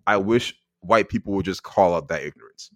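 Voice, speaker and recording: A man's voice: sits low, a little fast, no echo, clean studio sound. A Canadian man guesting on a podcast, talking candidly and emphatically, swearing freely. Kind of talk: casual chat.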